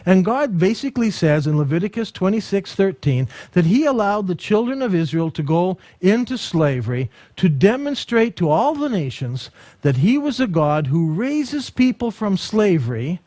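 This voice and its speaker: A man's voice: high voice, unhurried, no room sound. A man teaching a ministry school lesson, telling personal stories and acting out the dialogue, often restarting and repeating words. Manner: animated storytelling, acts out dialogue.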